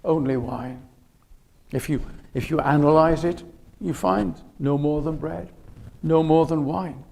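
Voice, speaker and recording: A man preaching a sermon in a chapel, measured and unhurried, often hesitating with fillers and restarts. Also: a little high, mellow.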